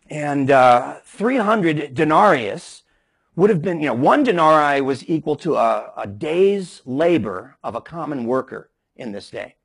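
A man's voice: a little high, vocal fry, breathy edge. A man preaching a sermon emphatically, with frequent restarts as he explains scripture. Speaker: pastor.

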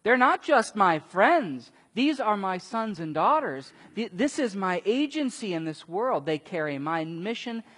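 Animated preacher in an echoing hall. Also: male voice, high-pitched, measured pace, few pauses, breathy edge. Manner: animated storytelling, acts out quotes with big swings in loudness. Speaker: pastor. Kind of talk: sermon. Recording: long reverb of a large hall.

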